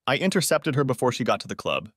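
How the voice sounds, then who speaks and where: A man narrating a dramatic first-person story in an expressive way, close to the mic. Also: medium pitch, fast, no room sound.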